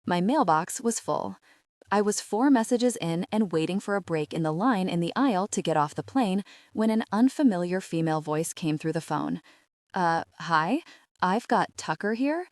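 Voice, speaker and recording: A woman narrating a first-person romance audiobook in a steady, even voice, read close to the mic. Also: lowish voice, moderate pace, no room sound.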